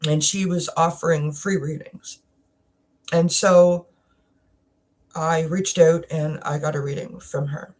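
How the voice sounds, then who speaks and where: A Canadian woman hosting a wellness chat, talking casually and emotionally about a personal experience, with frequent halting restarts and at times close to tears. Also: deep voice, fairly even intonation, darkish tone. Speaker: wellness channel host.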